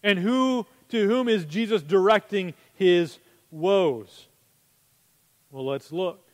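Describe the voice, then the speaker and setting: High-voiced pastor preaching in a reverberant hall. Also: male voice, slow pace. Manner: conversational, asks rhetorical questions. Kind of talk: sermon.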